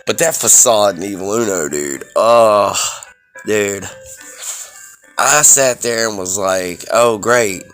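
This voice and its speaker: A man's voice: on the low side, slow pace, long pauses, fairly bright tone, faint music behind. A man hosting a podcast, reviewing wrestling shows in a casual, rambling way, full of ums and swearing.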